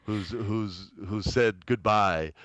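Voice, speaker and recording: A man in his late thirties from New Mexico telling an animated story in a casual interview. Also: lowish voice, slow pace, no room sound. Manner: animated, chatty, uses lots of fillers. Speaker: guest, actor.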